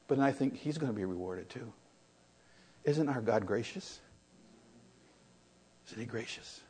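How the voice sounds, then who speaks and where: An older man preaching a sermon, telling stories that swing from loud, excited retellings to quiet reflection. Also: unhurried, long pauses, slightly rough. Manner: storytelling, rises loud and high in excitement, drops to soft and low when reflective.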